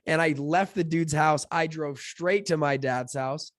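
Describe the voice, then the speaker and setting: A young man, a fund founder appearing as a podcast guest, tells stories casually in an interview, chatty and heavy on fillers, acting out quotes in lively voices. His pitch is fairly high, he speaks a little slowly, and the sound is dry and close with no room sound.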